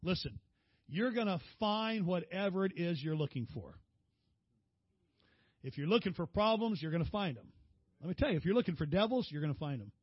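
A male preacher telling personal stories in a folksy, animated sermon. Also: sits high, fairly quick, pauses often, slightly rough, dry recording, dull audio.

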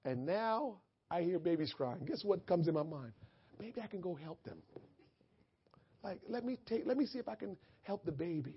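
Male pastor, high and husky voice, casual preaching into fervent prayer, muffled recording. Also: big pitch swings, moderate pace. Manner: conversational preaching building to fervent shouted prayer. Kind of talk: sermon and prayer. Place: church.

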